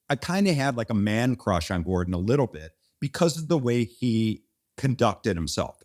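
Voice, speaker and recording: A man, a company founder, telling a story in a casual interview, rambling and animated, with restarts and mild swearing. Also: mid-range voice.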